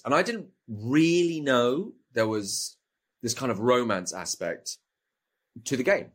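A man, a voice actor, answering interview questions and telling anecdotes with lively acted-out asides. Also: mid-range voice, measured pace. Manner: animated storyteller, acts out quoted lines. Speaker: video game voice actor, guest.

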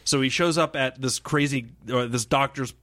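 A young man co-hosting a podcast in casual chat, animated and laughing, swearing as he acts out movie scenes. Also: mid-range voice, normal speed. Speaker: podcast co-host.

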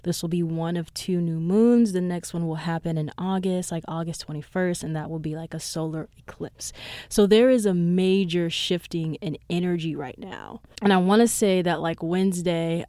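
A woman's voice: dry recording, clean studio sound. A young woman hosting her own podcast, chatting casually and rambling with lots of "like" and "um". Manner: animated, jumps up in pitch when retelling reactions. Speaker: podcast host. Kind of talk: casual solo podcast chat.

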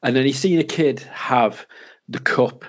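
A British man in casual chat, telling an animated story and mimicking people in a higher voice. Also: measured pace. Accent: British English. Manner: animated, acts out quotes in a higher voice. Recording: slightly dull lo-fi sound.

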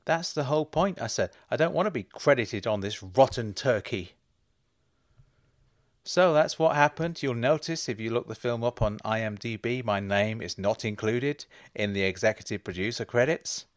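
A man delivers a comic monologue with dry, deadpan timing and growing mock outrage. His mid-pitched voice sits close to the mic, with no room echo. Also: normal speed. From England.

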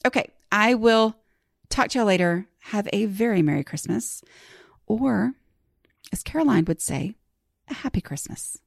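A woman's voice: mid-range voice, expressive, a little slow, creaky, pauses often, no echo, studio quality. A woman hosting a podcast, chatty and self-deprecating, with rambling asides. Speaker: podcast host. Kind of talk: casual podcast chat.

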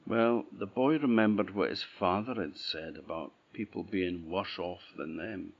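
A man from Orkney with an Orcadian Scottish accent, telling a folk tale in an unhurried, rhythmic way. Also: deep voice. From Orkney, Scotland. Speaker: storyteller. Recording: dull lo-fi recording.

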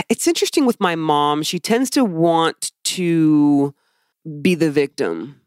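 A woman's voice: sits low, big pitch swings, slow pace, a little mellow, clear, resonant tone, no echo, studio quality. A woman co-hosting a podcast, telling personal stories in a heated, emphatic way. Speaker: podcast co-host. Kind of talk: casual chat.

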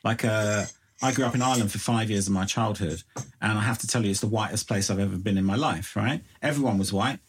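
A man hosting a podcast in casual chat who swears freely and keeps up a steady run of quick agreement. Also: fairly low pitch, a little hiss or hum. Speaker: podcast host.

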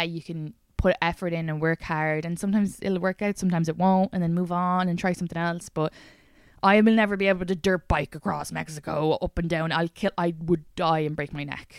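A woman's voice: sits low, no room sound, clean studio sound. A woman with an Irish accent hosting a solo comedy podcast, chatting in a rambling, sweary, self-deprecating way. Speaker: podcast host and stand-up comedian. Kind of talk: casual solo podcast monologue. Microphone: studio podcast microphone.

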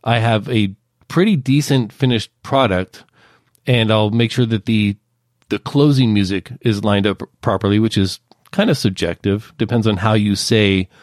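A man with a lowish voice lays out his editing routine one careful step at a time. His talk is casual and detailed, like a chat between colleagues. The sound is dry and close, with no room around it. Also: normal speed, no echo. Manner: detailed, methodical step-by-step explaining. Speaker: associate producer and editor.

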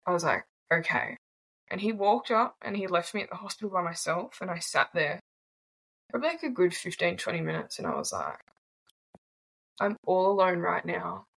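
Blunt Australian woman in her twenties; low, gravelly delivery with a casual, swearing edge. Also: very animated, normal speed, a bit bright, rough recording. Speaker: guest. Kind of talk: candid personal storytelling.

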